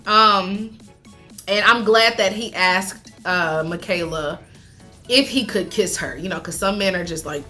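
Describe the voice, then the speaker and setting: A woman chatting casually as she recaps a reality show, animated, laughing often and talking with lots of fillers. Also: medium pitch, measured pace, faint music behind.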